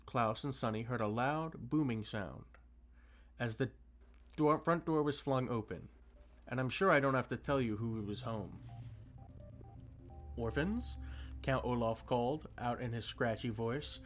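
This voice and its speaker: A man reading a storybook aloud on a stream, steady with occasional restarts. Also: medium pitch, normal speed. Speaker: streamer reading books to chat. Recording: faint music behind.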